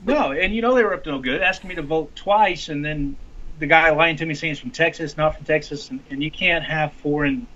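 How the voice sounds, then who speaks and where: A man's voice: fairly high pitch, brisk. Man telling a story over lo-fi audio. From Arkansas. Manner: animated storytelling with many restarts. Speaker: congressional candidate. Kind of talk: casual interview talk. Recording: lo-fi dull audio.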